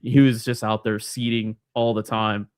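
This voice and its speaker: A man's voice: on the low side, flat delivery, normal speed, clear, resonant tone, no room sound, studio quality. A man co-hosting a sports podcast, chatting in an easygoing way and often restarting his sentences. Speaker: podcast co-host. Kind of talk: casual sports chat.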